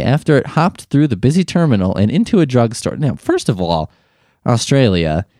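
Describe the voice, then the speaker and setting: A man's voice: on the low side, warm tone, dry recording, clean studio sound. A man reading news aloud and mocking it with sarcastic, profane riffs. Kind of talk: sarcastic comedic commentary.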